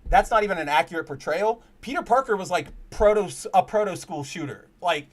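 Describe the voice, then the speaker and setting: A man's voice: high voice, expressive, brisk. A man hosting a casual comic book chat stream, rambling with frequent restarts, cursing freely and speaking candidly about personal matters. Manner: earnest and candid when personal. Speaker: podcast host.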